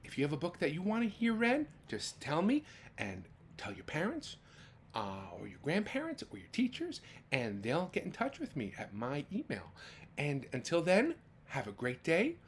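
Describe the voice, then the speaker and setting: A man reads a children's storybook aloud in a warmly animated, sing-song way, with a voice that rises and falls widely. He pauses to gasp, exclaim and ask his young listeners questions. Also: a little high, slight background noise. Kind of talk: reading a picture book aloud to children.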